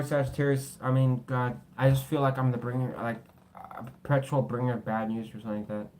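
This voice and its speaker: A man's voice: medium pitch, slight background noise. A man doing a casual tarot reading, blunt and swearing freely, tired, with his voice cracking. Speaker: tarot reader.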